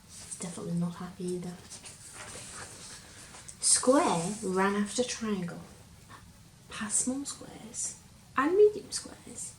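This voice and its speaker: A woman reading a picture book aloud to a child, slowly and gently, stopping to ask him questions. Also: medium pitch. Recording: roomy echo, faint hum.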